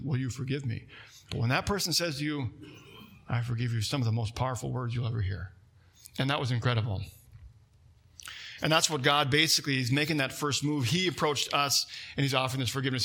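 Bright, animated male preacher. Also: mid-range voice, slightly rough. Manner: animated storytelling preacher, swinging between loud emphasis and hushed quiet. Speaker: pastor. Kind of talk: sermon.

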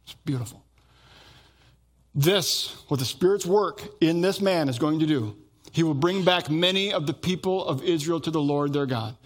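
A middle-aged male pastor preaches with lively storytelling, putting on the voices of the people in his tales. His voice runs on the high side at a normal speed.

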